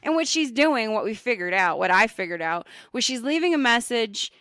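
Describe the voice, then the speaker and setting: A woman co-hosting a casual podcast, animated and quick to swear as she tells workplace stories. Her voice is bright and a little high. The sound is dry and close to the mic. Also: no room sound. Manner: animated, swears freely, acts out quotes. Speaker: podcast co-host. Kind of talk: casual storytelling chat.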